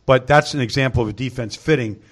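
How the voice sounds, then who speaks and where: A man's voice: medium pitch, fast talker. Man breaking down football plays. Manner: explains at length, heavy use of "I mean". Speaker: football analyst. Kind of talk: casual sports discussion.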